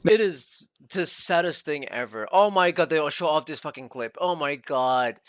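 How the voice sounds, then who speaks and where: A man's voice: fairly high pitch, animated, moderate pace, hardly any pauses. A man streaming, giving a heated, rambling rant full of swearing while reacting to a video. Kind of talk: ranting reaction commentary.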